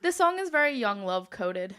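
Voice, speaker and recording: A woman in her twenties, a guest on a casual podcast chat, talking in an animated way, laughing often and swearing casually. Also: a little high, moderate pace, crowd noise. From Philadelphia area. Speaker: guest music reviewer.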